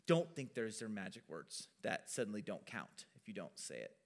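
A man's voice: mid-range voice, animated, fairly quick, sharp tone. A male pastor giving a casual teaching sermon in a conversational way, with self-deprecating asides.

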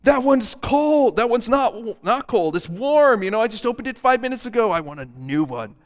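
Whiny demanding small child, voiced by a male pastor, high and petulant, echoing in a big hall. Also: sing-song, moderate pace. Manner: pleading, petulant. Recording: long hall reverb.

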